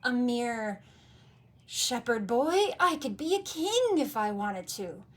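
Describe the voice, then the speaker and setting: A woman's voice: a little high, big pitch swings, takes it slowly, full character voice. Woman voicing an awestruck young shepherd boy. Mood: amazed, eager.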